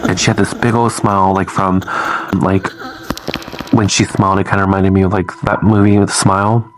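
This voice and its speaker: Man, very low and flat voice, for casual scary story time with swearing and fillers. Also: normal speed, a little hiss or hum. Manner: loose, swears, lots of "like" fillers.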